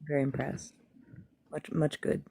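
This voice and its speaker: A woman's voice: sits low, little pitch movement, measured pace, vocal fry, warm tone, a little hiss or hum. A woman co-hosting a live talk stream with playful, wry remarks. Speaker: co-host. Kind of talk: casual chat.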